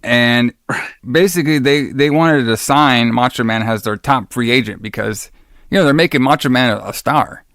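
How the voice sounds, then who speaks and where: Enthusing about vintage wrestling shows, a podcast co-host meanders casually and leans on plenty of fillers. His mid-range, fairly bright voice moves at a moderate pace in a clean, echo-free studio recording.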